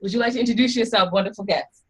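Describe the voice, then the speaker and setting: A woman co-host keeps a casual talk show moving at a brisk clip and teases her partners. Her voice is husky and slightly rough. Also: a little high. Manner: brisk and teasing.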